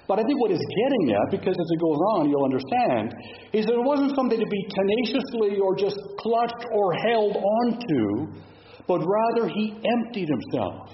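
A man's voice: high-pitched, sing-song, moderate pace, dull audio, a little hiss or hum. A middle-aged man preaching a sermon in a church, reflective and asking the congregation question after question. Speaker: pastor.

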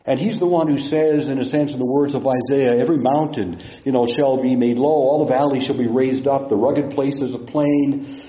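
A man's voice: medium pitch, steady tone, moderate pace. A man preaching a sermon and teaching from scripture, putting questions to his listeners. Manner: teaching, asks the congregation questions. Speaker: pastor. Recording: echoey room, dull lo-fi sound.

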